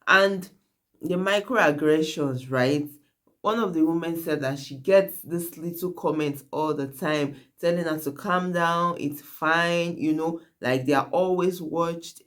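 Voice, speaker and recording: A YouTube host talking earnestly to viewers in casual commentary, often checking in with "right?" and "guys". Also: mid-range voice.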